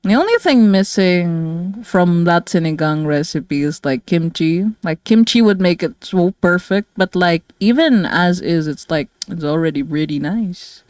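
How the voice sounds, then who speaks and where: A tired, low-energy woman from the Philippines chatting casually with her viewers as a streamer, rambling with many fillers and soft laughs. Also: lively intonation, a little slow, hardly any pauses, no echo, studio quality. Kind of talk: casual livestream chat with viewers.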